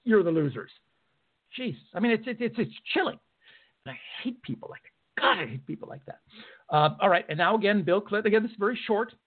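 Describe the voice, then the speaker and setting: A man's voice: high voice, lively intonation, fast talker. A man hosting a talk radio show from a studio, ranting in a sarcastic, indignant way with many fillers. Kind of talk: political talk radio monologue. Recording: narrow phone-like sound.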